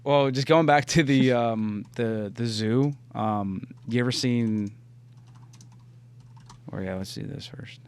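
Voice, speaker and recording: A young man co-hosting a podcast, casually chatting, laughing often and swearing as he tells animated stories. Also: mid-range voice, slow pace, clear, resonant tone. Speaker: podcast co-host. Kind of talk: casual chat.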